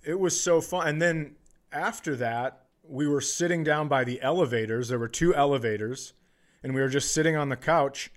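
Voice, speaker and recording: A man's voice: fairly high pitch, normal speed. Laid-back male podcast host. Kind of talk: casual storytelling chat.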